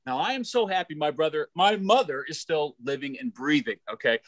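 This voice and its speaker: A middle-aged man performing a stand-up set, loud and animated, self-mocking, stumbling over restarts. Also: a little high, a little fast, hardly any pauses, no echo. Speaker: stand-up comedian.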